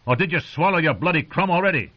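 Sneering sullen ranger, pitched up, read by a male narrator; dull audio. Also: expressive, fast talker, husky. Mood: insolent. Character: insolent club-footed male ranger, sullen.

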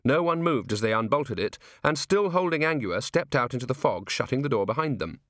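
A man narrating a story in a wry, measured reading style. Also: medium pitch, animated, fairly bright tone, no room sound, clean studio sound. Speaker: audiobook narrator. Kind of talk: scripted narration.

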